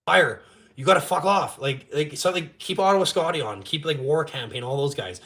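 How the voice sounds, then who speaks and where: Forceful, foul-mouthed man ranting. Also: on the high side, normal speed. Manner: crude, swearing heavily, mocking. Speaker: live streamer. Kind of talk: casual profane rant on a live stream.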